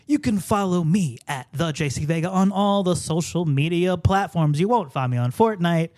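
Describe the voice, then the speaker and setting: A man's voice: fairly high pitch, moderate pace, no room sound, clean studio sound. A man hosting a podcast, chatting casually and jokingly, signing off and plugging the show. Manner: animated, jokey, slips into impressions. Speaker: podcast host.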